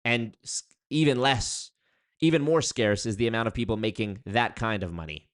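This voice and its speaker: A man hosts a live-stream commentary show at a moderate pace, reading chat aloud and reacting in an animated, jokey way. When hyping up viewers with shout-outs, his pitch leaps dramatically.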